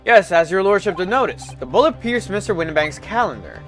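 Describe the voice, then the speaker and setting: A man playing an earnest young defense lawyer who reads his case with small halts and restarts. His high voice moves lively up and down. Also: soft background music, exaggerated voice. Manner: earnest, halting reading with restarts.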